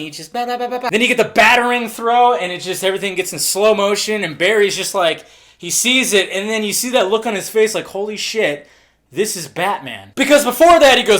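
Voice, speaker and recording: A man with a fairly high voice talks through a film trailer in a casual review monologue. He is excitable, curses freely and keeps breaking off into lively asides.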